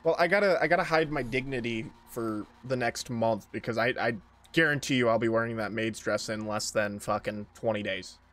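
A man's voice: medium pitch, a little fast, fairly bright tone. A man streaming a car game live, chatting casually with his viewers, swearing and joking a lot. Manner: profane, joking, talks to chat. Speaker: livestream gamer. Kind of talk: casual gaming livestream commentary.

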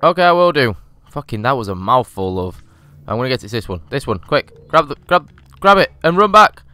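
Cheeky young male let's-player; animated, bright delivery, curses freely. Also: mid-range voice, brisk, no echo. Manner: sweary, cheeky, chatty. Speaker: gaming YouTuber. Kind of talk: casual let's-play commentary.

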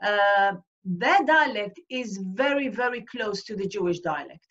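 A woman from Iraq, answering questions at an online event and often pausing to search for words. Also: medium pitch, animated, a bit bright, dull audio. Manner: hesitant, searching for words with many fillers. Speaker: guest speaker. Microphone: video call.

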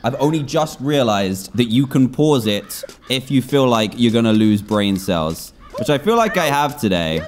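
Excitable gaming commentator. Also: male voice, medium pitch, normal speed, hardly any pauses, slight background noise. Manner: excitable, exclaims and groans at failures. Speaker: gaming YouTuber. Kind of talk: gameplay commentary.

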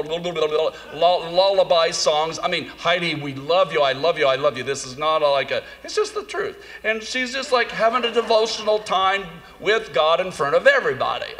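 A man telling a humorous, self-mocking story in a sermon, animated and jumping into high voices for comic asides. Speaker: conference speaker. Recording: long hall reverb, faint room noise.

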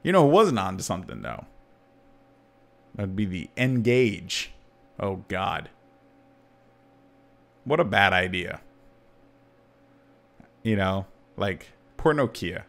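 Slow and gravelly, this man's voice sits low and leaves long pauses. He's a podcast host in his thirties making casual, jokey conversation, and his animated delivery has his voice springing upward for emphasis.

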